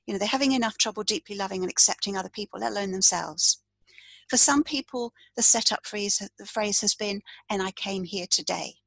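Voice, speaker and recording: A woman coach leading a calm, step-by-step tapping demonstration, saying the tapping phrases aloud as she explains each point. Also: mid-range voice, a little fast, creaky, no echo, poor audio. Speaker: coach and tapping practitioner, podcast guest.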